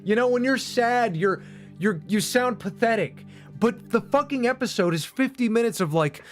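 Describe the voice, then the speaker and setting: A man's voice: very high voice, animated, moderate pace, faint music behind. A man streaming and going off on a casual, profane, emphatic rant. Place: home streaming setup.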